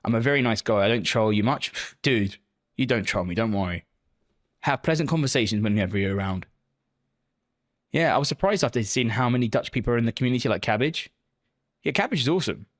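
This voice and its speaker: A man's voice: medium pitch, expressive, fast. A man live-streaming, chatting casually with viewers and answering their messages with lots of swearing and joking banter.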